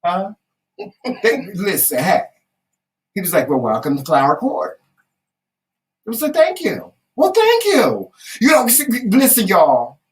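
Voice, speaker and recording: Southern-accented woman co-host, lively and emphatic, slightly distant from the mic. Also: mid-range voice, unhurried. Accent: Southern American. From Southern United States. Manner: animated, emphatic, salty storytelling with folksy asides. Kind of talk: casual chat.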